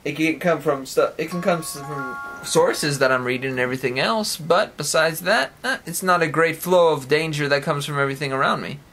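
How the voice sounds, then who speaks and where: A man's voice: on the high side, fairly quick, few pauses, fairly bright tone, faint music behind. A man giving a rambling solo monologue on his own podcast, now and then acting out imagined voices with sound effects. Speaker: podcast host.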